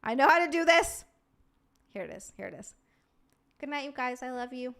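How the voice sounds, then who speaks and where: Bright-voiced woman streamer, high and chatty. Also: very animated, moderate pace, creaky. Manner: scattered and effusive, rambling thank-yous. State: sleep-deprived. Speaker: livestream host. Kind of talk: casual stream sign-off chat.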